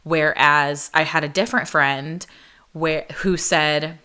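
This podcast host is a young adult woman with a low, clear, resonant voice and a slow pace. She shares a personal story in a chatty, animated way, saying "like" a lot and acting out the voices she quotes.

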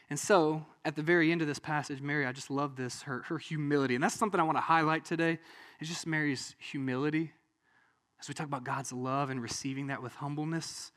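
A man delivers a sermon in a notably high voice. He talks to his listeners in a casual, animated way and often checks in with them as he explains a passage. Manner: animated, conversational, often asks "right?". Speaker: pastor.

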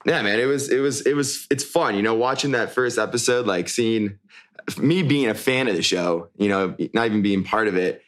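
Young male co-host, lowish voice, loose rambling chat full of restarts. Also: moderate pace. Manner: rambling, many restarts and fillers. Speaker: podcast co-host, former show lead. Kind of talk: casual chat.

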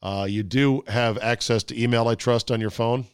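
A man's voice: mid-range voice, fairly even intonation, normal speed, clear, resonant tone, dry recording. A man hosts a casual sports talk show in a medium, everyday voice. He rambles and pokes fun at himself. The sound is close and dry, with no room in it. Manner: rambling, self-deprecating, chatty.

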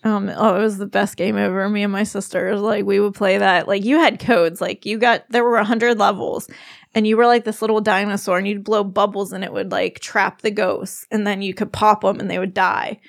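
A woman in her forties co-hosting a relaxed chat about family life, with a gravelly, slightly fried voice. She rambles, restarts her sentences and laughs often. The recording is dry and close. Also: mid-range voice, normal speed, no room sound. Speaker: podcast co-host, parent. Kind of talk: casual chat.

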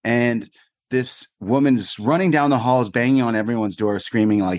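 A man co-hosting a casual podcast, telling an animated anecdote with lots of fillers. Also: on the low side, moderate pace, no room sound, studio quality. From Canada. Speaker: podcast co-host. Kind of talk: casual chat, storytelling.

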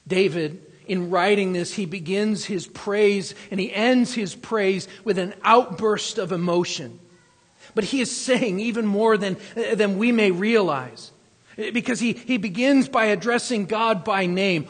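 A man preaching a sermon with earnest emphasis, swinging between loud outbursts and hushed passages, often restarting his words. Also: high-pitched, measured pace. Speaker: pastor. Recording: long hall reverb.

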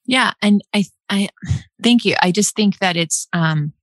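A woman's voice: medium pitch, measured pace, no echo, studio quality. A young adult woman hosting a casual chat, talking freely with frequent laughs and restarts. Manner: chatty, laughs often, many restarts and likes.

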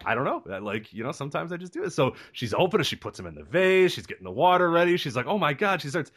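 A man co-hosting a casual podcast, telling a story with animated delivery and laughing along the way. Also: on the high side, fast talker. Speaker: podcast co-host.

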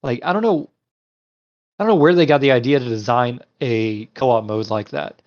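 A young man co-hosting a casual podcast, telling animated stories and putting on voices for the people in them. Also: medium pitch, normal speed, highs cut off. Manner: animated storyteller acting out voices in anecdotes. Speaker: podcast co-host. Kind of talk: casual chat.

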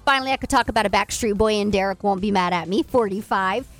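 A woman's voice: mid-range voice, quick pace, soft background music. A woman co-hosting a radio morning show, chatty as she reads out birthdays. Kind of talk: upbeat radio banter. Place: radio studio. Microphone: studio microphone.

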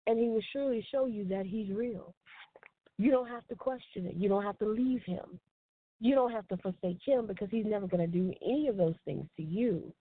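A woman's voice: mid-range voice, brisk. A woman preaching a devotional sermon in an earnest, repeating cadence. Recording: tinny phone-line sound, dry.

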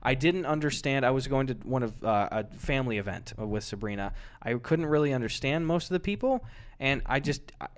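A man's voice: medium pitch, animated, a little fast. A young man co-hosting a podcast in casual chat, laid-back and crude with dry jokes. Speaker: podcast co-host.

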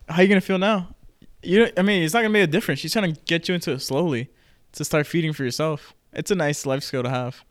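A man's voice: a little high, fast talker, no room sound. Laid-back young man, dry close sound. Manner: laid-back, joking, slangy. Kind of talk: casual chat.

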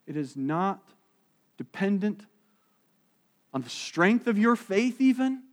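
A male pastor preaching a sermon, acting out the voices in his stories and dropping soft and slow on key phrases. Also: sits high. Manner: animated storytelling, acting out quoted voices.

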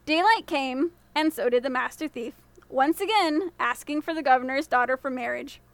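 A woman podcast storyteller reading a fairy tale in a measured, expressive way. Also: sits high, no echo. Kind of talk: scripted fairy tale narration.

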